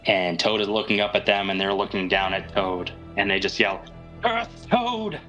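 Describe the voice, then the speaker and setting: A man's voice: low-pitched, flat delivery, a little fast, bright, forceful tone, faint music behind, rough recording. A man narrating as game master of a tabletop game, describing scenes in an easygoing way.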